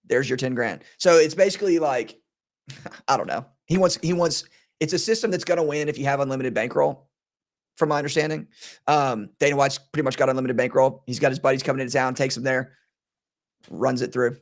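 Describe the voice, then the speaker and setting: A man's voice: mid-range voice, a little fast. A man hosting a sports betting podcast in casual chat, rambling and laughing often, his voice strained today.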